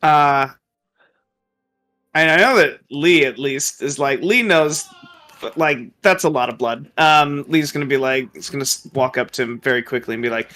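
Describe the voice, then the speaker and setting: A man's voice: mid-range voice, normal speed, sharp tone, faint music behind. A man playing a tabletop game, talking casually and hesitantly. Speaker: player.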